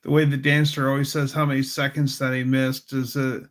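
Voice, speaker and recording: A man's voice: medium pitch, level tone, a little fast. A man hosting a casual livestream, chatting in a goofy, playful way. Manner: goofy and playful, does silly voices. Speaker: livestream host.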